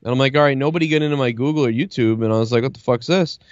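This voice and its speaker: A man's voice: mid-range voice, racing, no echo, dull audio. A man streamer in casual chat, rambling and swearing a lot as he tells a story full of quoted back-and-forth. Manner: profane, rambling storytelling with lots of quoting.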